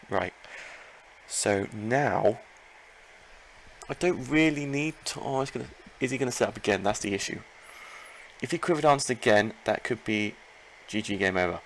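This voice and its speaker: Excitable gravelly-voiced man commenting a game. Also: fairly low pitch, moderate pace, long pauses, slight background noise, poor audio. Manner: excitable, talks to himself and the opponent, repeats phrases. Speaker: Pokémon player commenting his own battle. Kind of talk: live gameplay commentary.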